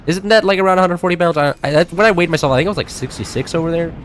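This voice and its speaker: A man's voice: fairly high pitch, very fast, a little hiss or hum. A young man from the United States streaming a game, chatting casually with viewers in rambling, filler-heavy talk that keeps restarting itself. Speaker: gaming streamer. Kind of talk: casual live-stream chat while playing.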